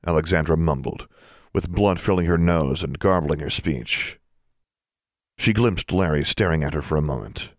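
Deep-voiced man narrating an audiobook. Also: moderate pace, dry recording, clean studio sound. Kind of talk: scripted narration.

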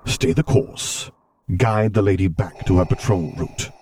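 A man voicing a cold, commanding masked dark lord who gives slow, clipped orders in a low rumble.

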